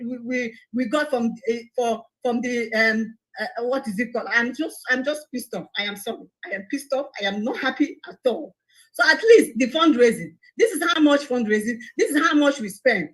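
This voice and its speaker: A woman's voice: sits high, rough recording. A woman making an impassioned, pleading appeal on a live broadcast, indignant and repeating herself.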